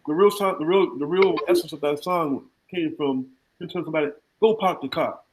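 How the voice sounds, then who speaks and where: A man teaching jazz articulation in an online clinic, breaking into scat syllables to demonstrate rhythms in a lively, humorous way over a video call. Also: fairly high pitch, fairly quick, rough recording. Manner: scat-sings rhythm examples between explanations. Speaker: jazz music educator. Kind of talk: online music clinic lecture.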